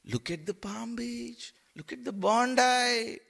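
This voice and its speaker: A man voicing Maya as a seductive female temptress spirit who coaxes slowly and in a hush, then scolds shrilly. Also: gravelly, exaggerated voice. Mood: shrill scolding. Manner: coaxing, slow and hushed, turning shrill and scornful.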